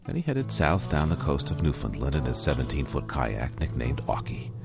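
A male radio host reading a scripted narration with a deep voice that swings widely in pitch. His delivery is smooth and measured. Faint music plays behind him. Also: big pitch swings.

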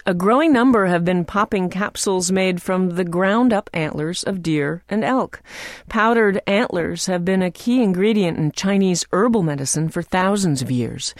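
A woman news anchor giving a scripted introduction in a smooth, formal way. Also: medium pitch, no echo, clean studio sound.

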